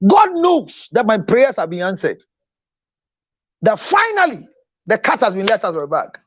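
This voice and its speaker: A man's voice: high-pitched, huge pitch swings, moderate pace, pauses often, no echo, muffled recording. A man with a Ghanaian English accent giving dramatic counseling talk, switching between English and Twi and acting out the people in his stories. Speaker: relationship counselor and show host.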